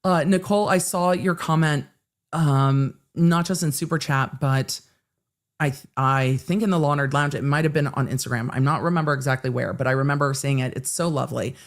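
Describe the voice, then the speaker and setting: A woman's voice: low-pitched, brisk. Chatty middle-aged woman hosting a livestream. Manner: chatty, rambling, restarts often. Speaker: host. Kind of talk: casual livestream chat reading viewer comments.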